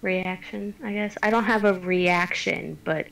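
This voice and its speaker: A woman at a tabletop game talks in a slow, hesitant way full of fillers. Her voice is gravelly and sounds distant from the mic. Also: on the low side, fairly even intonation, a bit bright. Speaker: player. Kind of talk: tabletop role-play.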